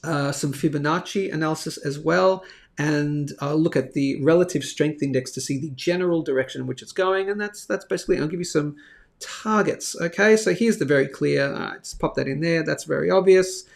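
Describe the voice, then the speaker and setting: A man's voice: a little high, fairly quick, vocal fry. A man hosting a live stream on market charts, chatty and thinking aloud with many fillers. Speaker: host of a live bullion market show.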